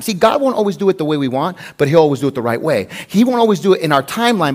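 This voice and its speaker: A man pastor preaching a sermon in an animated way, acting out the prayers he quotes. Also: high-pitched.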